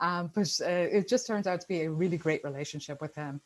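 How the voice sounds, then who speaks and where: A middle-aged woman with an Irish accent speaks on a video call, her pitch a little low. Her talk is chatty and upbeat, and she often fills pauses with "um". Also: poor audio. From Ireland. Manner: chatty, upbeat, many fillers. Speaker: guest speaker. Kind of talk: casual presentation on a video call.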